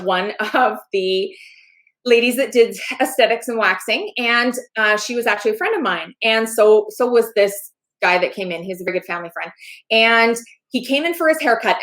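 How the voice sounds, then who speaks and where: A woman with a somewhat high voice tells a story on a podcast. She is animated and often laughs as she acts out the other people's voices in a casual, chatty way. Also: rough recording. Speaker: podcast guest.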